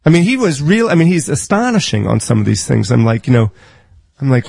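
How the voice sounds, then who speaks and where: Man preaching with animated storytelling. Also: medium pitch, gravelly, husky, dry recording, poor audio. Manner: animated storytelling, acting out quoted voices; quotes scripture in quick bursts. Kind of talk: sermon.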